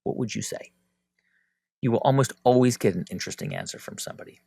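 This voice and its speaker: A man speaking as a podcast guest in relaxed conversation, animated and often slipping into the voices of people he quotes. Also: mid-range voice, quick pace, gravelly, husky, dry recording. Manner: animated, acts out quoted speech. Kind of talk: conversational interview.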